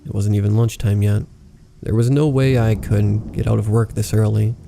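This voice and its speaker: A man reading a horror story aloud as narrator, in a calm, measured way. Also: fairly low pitch, gravelly, a little hiss or hum. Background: faint rain ambience.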